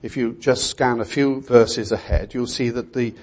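A man preaching an expository sermon in a measured way, often putting rhetorical questions to his listeners. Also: mid-range voice, steady tone, a little mellow.

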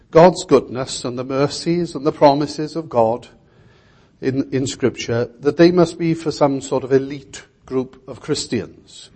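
A male preacher delivering an expository sermon with a mellow, husky voice. He speaks in a measured way and keeps asking his listeners rhetorical questions. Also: medium pitch.

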